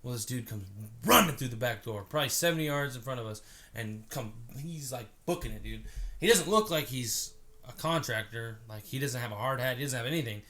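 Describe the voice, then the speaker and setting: A man's voice: mid-range voice, animated, fairly quick, fairly bright tone. A young man co-hosting a podcast in casual chat, joking and telling a work story in a laid-back way. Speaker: podcast co-host.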